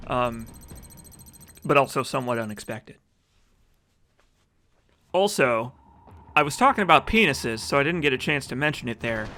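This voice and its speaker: Man, speedrun commentary, slightly high voice, crude and jokey, game music clear behind. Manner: joking, profane and rambling, reads chat aloud. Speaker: speedrunner commenting on his own run.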